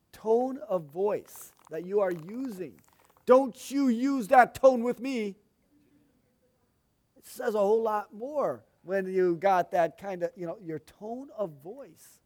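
A man's voice: high-pitched, mellow. A man preaching a teaching sermon, folksy and chatty, with asides to the congregation. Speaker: pastor.

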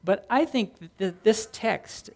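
A man's voice: high voice, expressive, measured pace. Earnest male pastor preaching a sermon. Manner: earnest, storytelling, swings between loud emphasis and quiet.

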